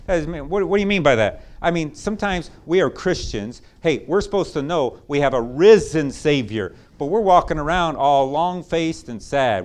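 A man preaching a sermon as pastor, swinging between loud, excited bursts and hushed, low asides. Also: moderate pace, hardly any pauses.

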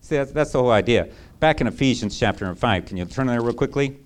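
A man's voice: mid-range voice, lively intonation, fast talker. A male pastor preaching a sermon in a conversational, emphatic way, often checking in with rhetorical asides.

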